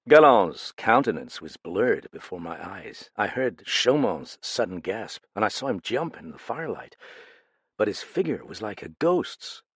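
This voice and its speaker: A man narrating a mystery audiobook in a steady, measured reading. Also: on the low side, breathy edge, dry recording, clean studio sound. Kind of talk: scripted narration.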